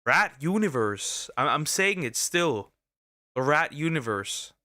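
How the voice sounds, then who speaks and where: Bright-voiced young man riffing on a video. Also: on the high side, sing-song, takes it slowly, dry recording, studio quality. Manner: rambling, jokey, full of slang and restarts. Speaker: streamer reacting to a video. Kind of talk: casual reaction commentary.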